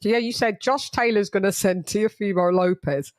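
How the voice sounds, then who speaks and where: A woman's voice: medium pitch, normal speed, noisy background. A woman hosting a boxing podcast in casual, gossipy and blunt chat. She laughs often and repeats words as she talks.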